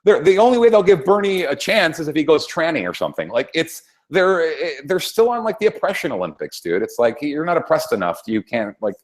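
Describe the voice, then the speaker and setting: A man on a political talk show, ranting hard and swearing nonstop. His pitch swings up and down a lot as he rambles, restarts and works himself up. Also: huge pitch swings, brisk, hardly any pauses. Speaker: co-host. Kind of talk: profane political rant.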